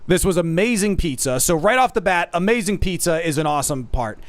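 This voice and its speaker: Animated male streamer, high and lively. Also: brisk, dry recording. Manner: animated, self-deprecating, addresses chat as folks. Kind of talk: casual chat.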